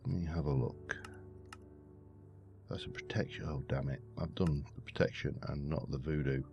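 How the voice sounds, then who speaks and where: A man's voice: a bass voice, fairly even intonation, moderate pace, vocal fry, highs cut off. A man giving rambling, muttering commentary while playing a game. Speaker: let's play host. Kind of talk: casual gameplay commentary. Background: faint background music.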